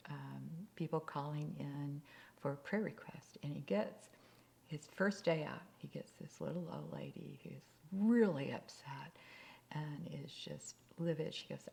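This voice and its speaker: A woman tells a story as part of a sermon in a low, conversational voice with a gravelly edge. She often sinks to a near-whisper for emphasis. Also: mellow.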